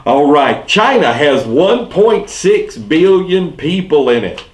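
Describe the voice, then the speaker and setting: A man, a pastor with a Southern US accent, telling clean jokes and puns and dropping each punchline low and quiet. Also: big pitch swings, slow pace. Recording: echoey room.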